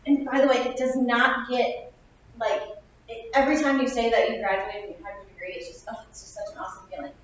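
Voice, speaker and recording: Young woman opening speaker, high and bright-spirited talk, self-mocking; distant, boomy lo-fi room capture. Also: fairly even intonation, fast talker, a little hiss or hum. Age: 20s. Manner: upbeat, chatty, self-mocking. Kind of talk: motivational speech. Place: classroom. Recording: echoey lo-fi room recording from far off.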